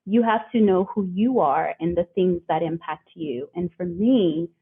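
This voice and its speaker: A woman talks through her story as an interview guest, earnest and reflective, slipping into brief quoted voices. Her voice sits a little low and sounds a touch husky. It comes over a narrow, phone-like remote line. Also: measured pace. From living in Australia. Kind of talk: conversational interview. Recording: phone-like remote call audio.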